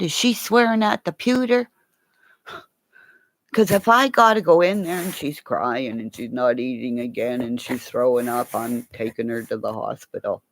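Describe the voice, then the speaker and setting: A woman's voice: very deep voice, vocal fry, no echo. A woman rambling in a casual live chat from her home, drifting between stories and cooing baby talk to her dog. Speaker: vlogger. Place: at home, indoors.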